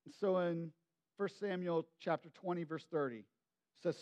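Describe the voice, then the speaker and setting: Male pastor, conversational sermon delivery, animated storyteller. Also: fairly high pitch, moderate pace. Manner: animated storytelling with many asides.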